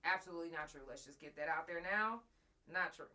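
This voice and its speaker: A woman hosting a live talk show speaks fast in a lowish, sharp-toned voice. Near tears, she tells her listeners a raw, profane personal story directly, full of emotion.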